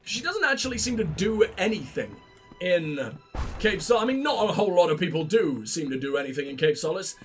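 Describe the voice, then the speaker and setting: High, animated, sarcastic gaming host. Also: male voice, fairly quick, faint music behind. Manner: sarcastic, sweary, excitable. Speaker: let's play host. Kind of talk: gameplay commentary.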